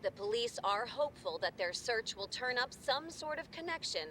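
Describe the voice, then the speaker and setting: A video game's female TV news anchor, reading the report in a measured, formal broadcast cadence. Her voice sits a little high for a woman. A faint rumble runs under her words. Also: very animated, fairly bright tone. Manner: measured, crisp newsreader delivery.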